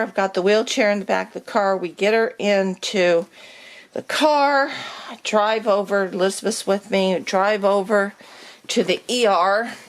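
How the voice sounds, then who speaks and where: A middle-aged woman telling a personal story in a casual vlog, animated as she acts out the exchanges she is describing. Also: medium pitch. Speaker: vlogger.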